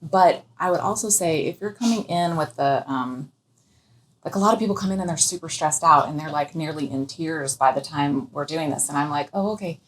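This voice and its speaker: A woman thermographer speaking calmly and reassuringly in a casual discussion. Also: sits low, normal speed, low-quality recording. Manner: reassuring, calming. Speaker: clinical thermographer.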